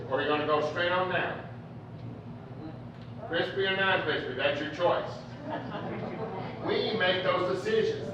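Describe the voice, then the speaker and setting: In a church hall, a man with a high-sitting voice delivers a folksy, joking sermon, telling stories in a conversational way. Background noise is present, and the recording sounds echoey, distant, and dull.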